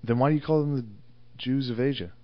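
A young man co-hosting a podcast, needling and teasing his co-host in crude casual chat. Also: medium pitch. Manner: needling, teasing, quick to laugh. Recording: dry, dull lo-fi podcast audio.

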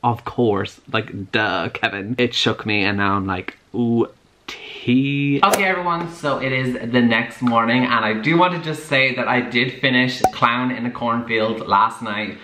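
A man chatting in a casual reading vlog, gushing and animated, with lots of "like" fillers, recorded on a camera at home. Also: medium pitch, normal speed, few pauses, background noise. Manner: gushing and animated, heavy use of "like". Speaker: book vlogger. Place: room at home, lights off at times.

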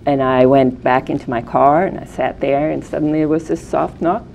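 Swedish lady, low gravelly voice, kinda mellow, telling stories in an interview, bit of hiss. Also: steady tone, normal speed, rough recording. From Sweden. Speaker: guest artist. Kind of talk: casual interview chat.

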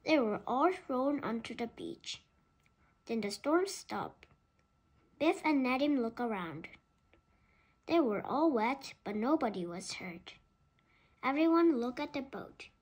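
A woman reading a children's book aloud, slowly and carefully. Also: fairly high pitch, expressive, slightly rough. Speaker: storybook reader.

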